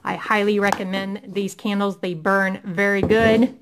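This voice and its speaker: A woman's voice: medium pitch, flat delivery, measured pace, noisy background. A middle-aged woman from Indiana chatting enthusiastically through a product haul at home, with many ums. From Indiana, USA. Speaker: haul vlogger. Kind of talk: casual product haul chat.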